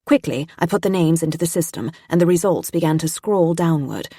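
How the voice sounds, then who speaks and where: A woman reading a mystery audiobook in a tense, steady first-person narration. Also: low-pitched, fairly quick, slightly rough, no room sound, studio quality.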